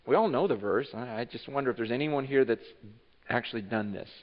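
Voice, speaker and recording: A man preaching a sermon as pastor, acting out what listeners might say in lively bursts. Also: medium pitch, brisk, long reverb tail, lo-fi sound. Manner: animated, acts out imagined speech of listeners. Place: church sanctuary.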